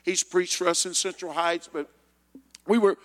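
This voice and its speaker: A man's voice: high-pitched, steady tone, normal speed. A male pastor preaching a sermon and leading a fervent spoken prayer in a church, repeating phrases as he prays. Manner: fervent, repeats words while praying. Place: church sanctuary. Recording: long hall reverb.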